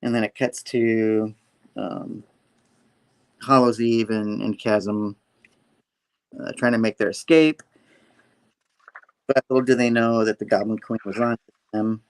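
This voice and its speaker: A man's voice: lowish voice, fairly even intonation, takes it slowly, long pauses. Guy on a comic review show, playful, acts out the story with sound effects. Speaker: host. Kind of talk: casual comic book review chat.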